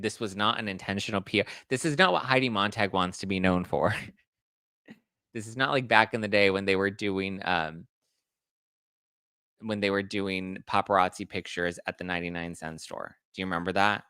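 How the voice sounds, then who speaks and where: A man's voice: on the low side, fairly quick, sharp tone, clean tone, dry recording, clean studio sound. A man hosting celebrity gossip commentary, chatting to viewers in a gossipy way while he reacts to photos. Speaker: host.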